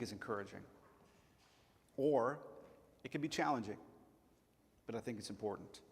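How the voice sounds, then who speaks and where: A man from Chattanooga preaching a sermon as pastor, earnest and emphatic, slowing down to stress key words. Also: mid-range voice, in a large hall. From Chattanooga, Tennessee. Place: church sanctuary.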